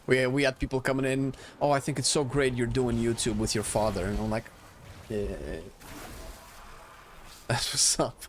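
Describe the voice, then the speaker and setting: A man's voice: mid-range voice, steady tone, normal speed, slight background noise. A man streaming a game, chatting casually, joking and thinking aloud as he plays. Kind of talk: casual gameplay commentary.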